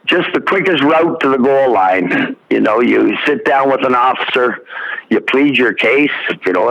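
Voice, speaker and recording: A man's voice: medium pitch, fairly bright tone, muffled recording. A man from Ontario co-hosting a casual talk, giving earnest, folksy advice with frequent restarts. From Ontario, Canada. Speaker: podcast co-host.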